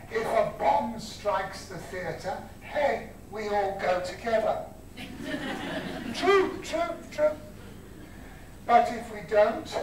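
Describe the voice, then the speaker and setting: A man giving an academic conference lecture, lively, asking rhetorical questions and counting off his points. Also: high-pitched, a little hiss or hum. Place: university lecture hall. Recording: roomy hall heard from far off.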